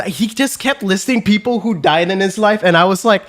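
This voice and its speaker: A man telling a story on a podcast in a casual, animated, profane way with lots of fillers. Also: high-pitched, normal speed, hardly any pauses.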